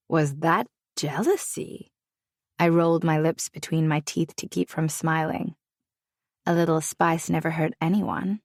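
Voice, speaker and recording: A woman narrating a romance audiobook in first person, wry and expressive. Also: low voice, unhurried, dry recording, studio quality.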